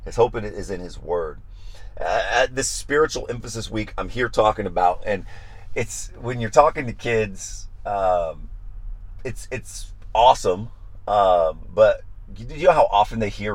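A man's voice on the low side preaches at a moderate pace for a Bible study podcast. With animated emphasis he repeats phrases and dramatizes prayers and their replies.

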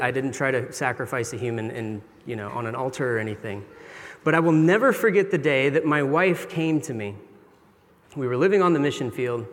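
Earnest male preacher in a reverberant hall. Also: medium pitch. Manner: earnest, confessional, conversational preaching. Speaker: pastor. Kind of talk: sermon. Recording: long reverb of a large hall.

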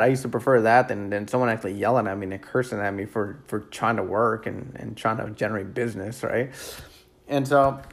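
Gravelly-voiced man telling work stories. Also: medium pitch. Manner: rambling, many fillers and repeated words; relaxed and candid, with mild cursing. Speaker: real estate agent. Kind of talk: casual storytelling.

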